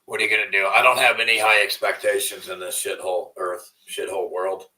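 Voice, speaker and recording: Rambling, profane livestream host, bright voice. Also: male voice, sits low, little pitch movement, brisk, distant mic, low-quality recording. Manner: rambling, profane, trailing off into mumbles. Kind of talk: casual livestream rant.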